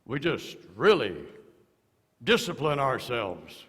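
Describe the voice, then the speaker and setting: A man's voice: mid-range voice, very animated, slow pace, a bit bright. A man preaching a sermon as a pastor, telling stories with quoted voices and touches of humor. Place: church sanctuary. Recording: long church reverb.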